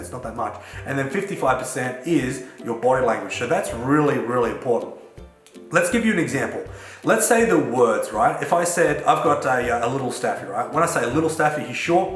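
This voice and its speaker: A man giving casual, chatty advice to camera as a self-development coach, mixing in everyday slang. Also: mid-range voice. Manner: chatty and relaxed, with Australian slang. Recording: echoey room with faint music.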